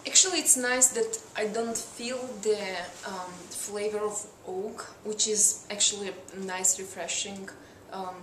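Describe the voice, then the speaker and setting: A woman's voice: mid-range voice, steady tone, unhurried, few pauses, a bit bright, roomy sound, slight background noise, rough recording. A woman tasting wine indoors and describing it, hesitant and agreeable. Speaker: guest taster. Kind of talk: casual tasting chat.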